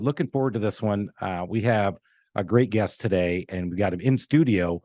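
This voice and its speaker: A man's voice: on the low side, brisk, a little mellow, no room sound. A middle-aged man hosting a casual business podcast in a studio, joking and laughing with his guests. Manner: joking, laughing, loose banter. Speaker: podcast host.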